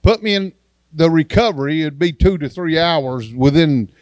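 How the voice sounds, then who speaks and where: A man's voice: on the high side, normal speed, dry recording. A man, an evangelist giving a testimony sermon in a church and acting out the dialogue in his story in a folksy way.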